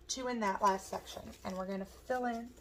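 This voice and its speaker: A woman with a hoarse voice, casually explaining step by step how she makes a wreath as she works. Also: a little high, moderate pace, a little hiss or hum, rough recording. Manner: chatty, talks while working with her hands. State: hoarse, losing her voice. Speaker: craft tutorial host. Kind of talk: step-by-step crafting instruction.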